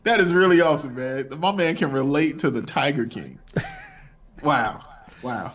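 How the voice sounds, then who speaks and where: A man's voice: on the high side, expressive, normal speed, fairly bright tone, slight background noise. Laughing, slangy podcast guest, a man. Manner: laughs a lot, slangy, hypes the other speaker up. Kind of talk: casual chat.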